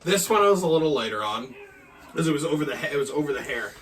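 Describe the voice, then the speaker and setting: Guest spot: bright, forceful man from Maine, animated and foul-mouthed storyteller, sitting back from the mic. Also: a little high, fast talker, recorded from a distance. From Maine, USA. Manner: animated, profane, acts out quotes. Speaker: guest pro wrestler. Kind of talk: casual storytelling chat.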